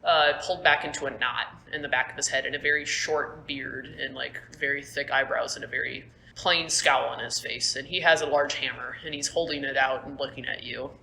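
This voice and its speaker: A woman's voice: rumbling low, steady tone, fairly quick, creaky, bright, forceful tone, slight background noise. A young woman running a tabletop game as game master, narrating casually with lots of fillers. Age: young adult. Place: school room. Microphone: phone on table. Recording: echoey room, phone mic.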